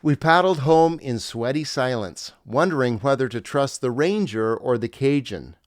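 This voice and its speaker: A man's voice: medium pitch, normal speed, no room sound, clean studio sound. A middle-aged man, a former pastor, narrating his memoir in a wry, reflective storytelling manner.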